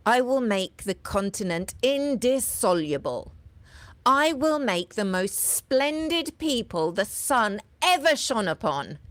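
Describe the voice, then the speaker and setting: A woman's voice: on the high side, fairly bright tone, dry recording. A woman hosting a late-night live video café, reading verse with swelling emphasis and signing off with cheerful, blunt swearing. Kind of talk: live-stream chat with poetry reading and prayer.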